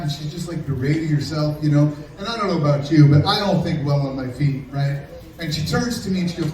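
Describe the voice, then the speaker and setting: A middle-aged male comedian delivers a stand-up set in a sarcastic, deadpan tone. His voice sits a bit high for a man. He is picked up from a distance in a very echoey club room with faint noise behind. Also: fairly quick. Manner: sarcastic, deadpan storytelling with crowd work.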